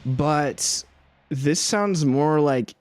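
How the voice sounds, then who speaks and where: A man's voice: medium pitch, lively intonation, slow. A man streaming casually while making music, rambling with fillers and laughing at himself. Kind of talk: casual live-stream chat.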